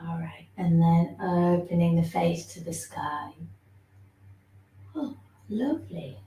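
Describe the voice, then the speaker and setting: A woman teaching a gentle online movement class, giving soft, soothing instructions and yawning now and then. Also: on the low side, flat delivery, a little slow, slight background noise. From England. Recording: echoey room.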